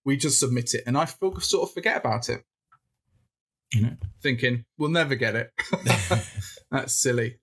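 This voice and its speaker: A man from the north of England, a podcast guest telling a rambling, animated story with restarts and laughs in casual chat. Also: medium pitch, a little slow, long pauses, slightly rough.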